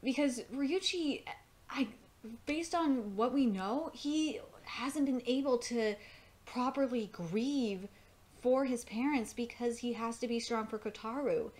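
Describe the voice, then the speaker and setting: A woman's voice: fairly high pitch, slow pace, darkish tone. A woman giving live reaction commentary on an anime episode, rambling and enthusiastic with lots of fillers and restarts.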